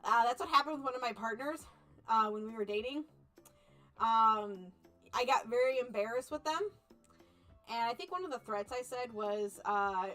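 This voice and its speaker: A young woman streamer reading an otome game aloud and chatting with viewers, animated, laughing often and playfully mock-angry. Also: on the high side, normal speed, soft background music. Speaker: VTuber streamer.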